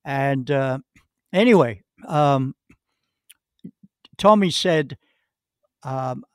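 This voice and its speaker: Drawing out his words in a smooth, medium-pitched voice, a golf pro guest shares lengthy anecdotes in an interview, with frequent restarts and hesitations. The sound is studio quality with no echo.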